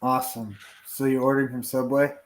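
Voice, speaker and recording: A man's voice: mid-range voice, level tone, fairly quick. A man joining a live stream as a guest, joking and teasing in casual chat over a video call.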